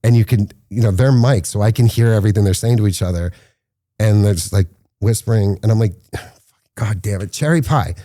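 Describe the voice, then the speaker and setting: Brief: male filmmaker guest, low dark voice, lively storyteller acting out quotes, dry close mic. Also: fast talker, dry recording. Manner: animated storyteller, acts out quotes with rising pitch. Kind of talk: casual podcast interview storytelling.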